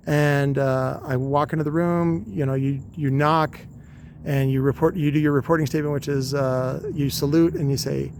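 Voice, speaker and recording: Higher-voiced man telling a rambling story. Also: a little mellow, a little hiss or hum. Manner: rambling, profane, wry anecdote telling. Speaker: podcast host. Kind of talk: casual storytelling.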